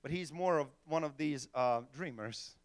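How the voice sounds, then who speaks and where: A middle-aged male pastor preaching a sermon in an animated way, acting out little voices and laughing often. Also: on the high side, normal speed.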